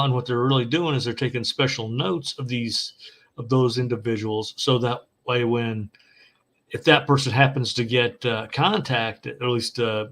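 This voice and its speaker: A man co-hosting a casual podcast chat, speaking skeptically and haltingly. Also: mid-range voice, fairly even intonation, fairly bright tone. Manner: skeptical, halting with fillers and restarts. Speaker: podcast co-host.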